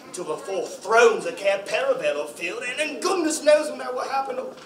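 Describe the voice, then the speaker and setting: A man's voice: extremely high pitch, a little fast. A man playing a nervous, fussy, guilt-ridden male faun in a live stage play, stammering and exclaiming often. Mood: remorseful. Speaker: stage actor. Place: library hall before an audience. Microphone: far camera. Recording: echoey hall from far off.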